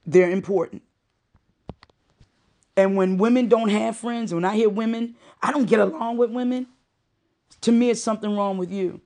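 A woman's voice: mid-range voice, moderate pace, pauses often, warm tone. A middle-aged woman giving a heartfelt monologue, with emphatic, repeated phrases and moments of choking up. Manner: emotional, choking up.

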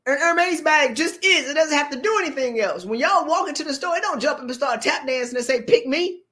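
A woman's voice: high-pitched, a little fast. A woman giving a motivational talk, preachy and joking, acting out little scenes of dialogue as she speaks. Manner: animated, preachy, jokes and acts out dialogue. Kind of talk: motivational talk with acted-out asides. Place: streamed live talk.

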